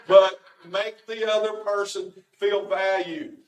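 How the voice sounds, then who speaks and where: A pastor with a high voice, delivering a homespun sermon full of jokes and stories. The sound is roomy and echoes through a church. He sits some distance from the microphone. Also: fairly even intonation, slow. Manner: homespun, storytelling. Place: church sanctuary.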